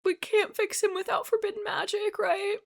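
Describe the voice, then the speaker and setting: A woman's voice: very high voice, little pitch movement, moderate pace, gravelly, slight background noise. A young woman giving a live reaction commentary, emotional and pleading, often gasping or dropping to a whisper, close to tears. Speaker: anime reaction youtuber.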